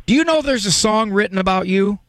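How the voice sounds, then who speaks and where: A man's voice: high-pitched, lively intonation, a little fast, fairly bright tone, no room sound. A man hosting a call-in parenting advice radio show, talking conversationally with fillers and small jokes. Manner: joking, conversational, with filler words. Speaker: radio call-in host and psychologist. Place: radio studio.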